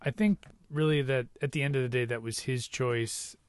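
A man's voice: mid-range voice, moderate pace, clear, resonant tone, dry recording. A man co-hosting a podcast, chatting casually and jokingly about a movie, thinking aloud as he goes. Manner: animated, jokey, thinks aloud. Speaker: podcast co-host.

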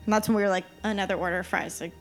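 A woman on a casual podcast, a lively storyteller who acts out the dialogue in her anecdotes. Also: medium pitch, racing, soft background music. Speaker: podcast co-host giving a trip report.

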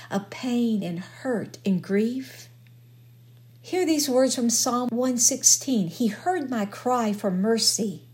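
Older woman, former chaplain, unhurried and gentle devotional delivery, echoey room. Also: medium pitch. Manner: gentle, measured, reads scripture with feeling. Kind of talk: slow devotional talk on grief. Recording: roomy echo.

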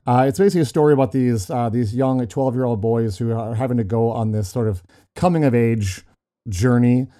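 Mellow-voiced chatty male podcast host. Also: mid-range voice, brisk. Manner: chatty, storytelling with frequent restarts and laughs. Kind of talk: casual chat.

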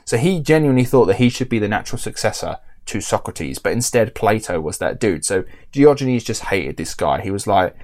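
A man's voice: lowish voice, lively intonation, a little fast, few pauses, a little mellow. A man, animatedly telling a story in casual podcast chat.

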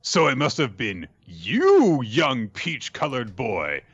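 A man's voice: medium pitch, huge pitch swings, slow, a bit bright, slightly rough, dry recording, highs cut off, full character voice. A man voicing a giant, boastful male werewolf in a casual retelling, with a mock-grand delivery. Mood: grandiose. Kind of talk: casual recap with impressions.

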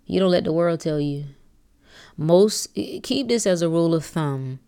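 A woman's voice: lowish voice, lively intonation, unhurried, warm tone, smooth. A woman hosting a podcast, giving a blunt, preachy, profane motivational monologue that climbs to fervent emphasis. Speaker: podcast host.

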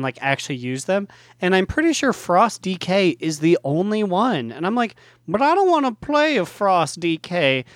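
Male co-host, fairly high voice, dry close recording, laid-back joking delivery. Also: no room sound. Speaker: podcast co-host. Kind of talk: casual gaming chat.

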